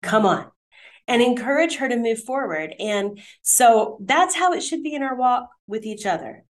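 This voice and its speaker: A middle-aged woman co-hosting a casual Christian talk, telling a personal story in an animated, encouraging way. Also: on the high side, normal speed.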